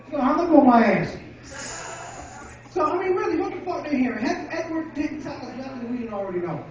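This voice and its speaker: A man's voice: very high-pitched, lively intonation, fairly quick. Casting note: man from Rochester doing stand-up, distant from the mic, dull lo-fi echoey room. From Rochester, New York. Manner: loose, profane, storytelling. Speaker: stand-up comedian. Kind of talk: stand-up comedy set. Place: café open mic.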